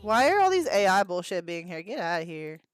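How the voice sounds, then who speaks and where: A woman's voice: lowish voice, big pitch swings, a little fast, clean tone, soft background music. A woman in her thirties hosting a livestream, chatting casually with viewers, laughing often and swearing freely as she reacts to chat. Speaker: livestream host.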